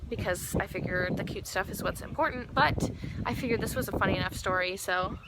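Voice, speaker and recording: A woman's voice: mid-range voice, quick pace. A young woman from Texas telling a story in a casual vlog, chatty and full of filler words, her speech a little slurred from a numbed mouth. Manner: chatty, animated quotes, many "like" fillers. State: mouth numb, slightly slurred. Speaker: vlogger. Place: outdoors. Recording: outdoor traffic noise behind. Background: passing cars.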